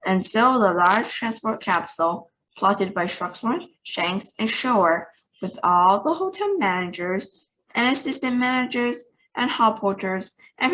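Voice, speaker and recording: A woman reading a children's book aloud as a storyteller, lively and expressive, giving each character a voice. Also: mid-range voice, a little hiss or hum, low-quality recording. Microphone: online meeting recording.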